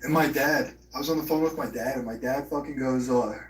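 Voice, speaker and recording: A man's voice: medium pitch, brisk, slight background noise. Guy streaming and rambling, swears a lot, sounds far from the mic in an echoey room. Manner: profane, rambling, breaks into mock impressions. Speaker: livestream host. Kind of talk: rambling live-stream chat. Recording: roomy, distant from the mic.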